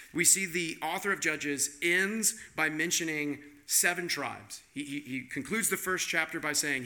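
Male pastor, slightly high voice with a very bright edge; conversational sermon built on rhetorical questions.

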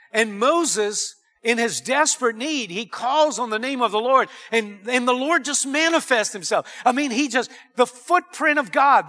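High, bright-voiced male preacher. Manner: earnest, emphatic preaching with rising exclamations. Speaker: pastor. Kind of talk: sermon.

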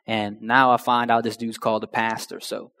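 A man's voice: fairly low pitch, little pitch movement, normal speed, sharp tone, smooth. A young man telling his personal testimony in a slangy, conversational way that addresses the crowd directly. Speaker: speaker sharing a testimony. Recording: long hall reverb.

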